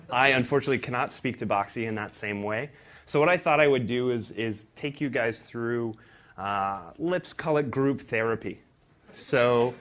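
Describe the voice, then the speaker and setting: A young man gives a conference talk to a room of developers. He is self-deprecating and fills his speech with ums and restarts. His voice sits at an ordinary middle pitch. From Texas. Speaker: startup presenter.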